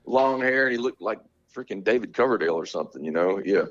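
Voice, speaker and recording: A man from Alabama, a drummer telling stories in a casual interview, animated, slangy and quick to laugh. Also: fairly low pitch, dull audio. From Montgomery, Alabama. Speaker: guest musician, drummer.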